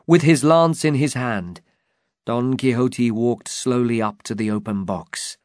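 Male storybook narrator, measured, unhurried, dry close sound. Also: medium pitch, no echo. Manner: slow, deliberate, even reading. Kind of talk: storybook reading.

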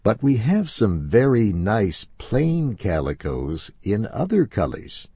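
A man's voice: lowish voice, sing-song, slow pace, mellow, breathy edge, dry recording, heavily acted. A man reading a story aloud and voicing an unhelpful saleswoman in a somewhat raised, matter-of-fact voice. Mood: dismissive. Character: unhelpful female shop clerk.

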